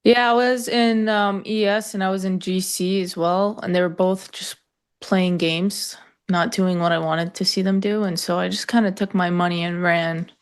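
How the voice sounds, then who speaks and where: A woman's voice: fairly low pitch, steady tone, normal speed, clean tone. A woman co-hosting a live trading show, chatting casually with dry sarcastic asides. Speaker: co-host.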